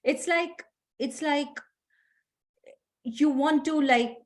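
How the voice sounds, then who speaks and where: A middle-aged woman speaker giving a workshop talk to an audience, telling stories with animated acted-out scenes. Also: high-pitched, drawn-out words. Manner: animated storyteller, acts out scenes. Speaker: guest speaker.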